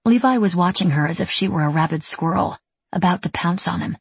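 A woman narrates a novel in a steady, even reading voice. Her tone sits low and is strongly breathy and husky. The recording is dry, with no trace of room echo. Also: brisk. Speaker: audiobook narrator. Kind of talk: scripted narration.

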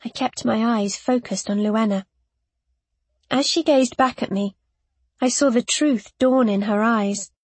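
A woman narrating a first-person story in a measured, tense way. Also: on the high side, a little mellow, breathy edge, no echo. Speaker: audiobook narrator.

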